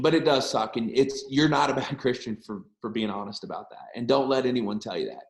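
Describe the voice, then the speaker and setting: A man's voice: mid-range voice, fairly quick, few pauses, echoey room, poor audio. A middle-aged man speaking as a guest pastor to students, earnest and frank, repeating points for emphasis. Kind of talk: casual encouraging talk and prayer.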